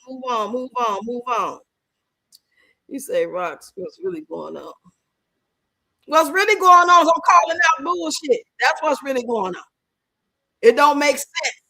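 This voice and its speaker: A woman from Chicago with a Chicago accent, hosting a livestream and answering her chat in an animated, outspoken way. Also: high-pitched, no room sound, poor audio. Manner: animated, outspoken, emphatic, talks back to the chat. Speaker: livestream host. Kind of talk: livestream chat reacting to comments.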